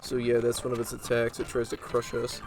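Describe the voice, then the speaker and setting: A man giving laid-back gameplay commentary in a mid-pitched voice, pausing often with fillers. Clear video game music plays under his talk. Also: low-quality recording. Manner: relaxed, rambling with many fillers. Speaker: let's play host.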